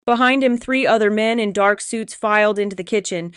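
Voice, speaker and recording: A woman narrating a romance audiobook in the first person, reading in a steady, expressive storytelling way. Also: mid-range voice, a little fast, clear, resonant tone, no echo, clean studio sound.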